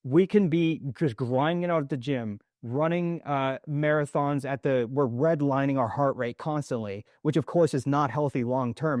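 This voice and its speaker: A man's voice: fairly high pitch, darkish tone, dry recording, studio quality. A man hosting a conversational podcast, talking in a reflective, rambling way with lots of "right?" asides. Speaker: podcast host. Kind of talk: casual conversational interview.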